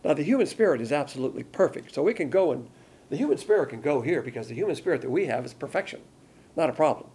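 A man's voice: on the high side, very animated, fast talker, dark tone, husky. An older man teaching a Bible sermon in a conversational way, asking rhetorical questions and answering them himself.

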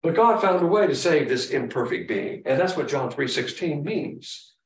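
A man's voice: on the high side, lively intonation, normal speed, distant mic, a little hiss or hum. Emphatic preacher man in an echoey hall. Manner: emphatic, teacherly, shifts pace often. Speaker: pastor. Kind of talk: sermon.

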